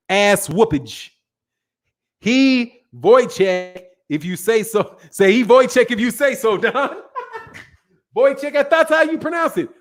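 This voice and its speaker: A man hosting a live boxing talk stream, casual and blunt, profane and quick to laugh at his own jokes. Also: sits high. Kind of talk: casual live-stream chat reading viewer comments.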